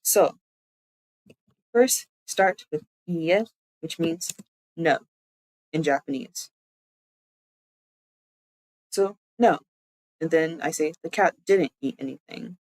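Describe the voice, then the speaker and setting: A VTuber streamer giving a live-streamed language lesson, explaining step by step and repeating words slowly. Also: medium pitch, darkish tone, no room sound, poor audio.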